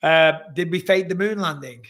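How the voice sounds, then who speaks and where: A man's voice: high-pitched, moderate pace, a bit bright, slight background noise. A man in his forties with an English accent, hosting a casual live chat and teasing his family. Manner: teasing, banter-heavy. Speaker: show host.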